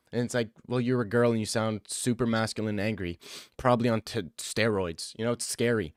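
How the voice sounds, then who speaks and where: A man's voice: mid-range voice, steady tone, brisk, clear, resonant tone, no echo, studio quality. A young man chatting casually on a livestream, rambling and joking with slang. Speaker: streamer.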